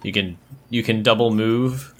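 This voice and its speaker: A man running an opponent in a tabletop game, describing its moves and answering rules questions in a quick, bantering way. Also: on the low side, steady tone. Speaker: co-game master. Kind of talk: casual tabletop game chat.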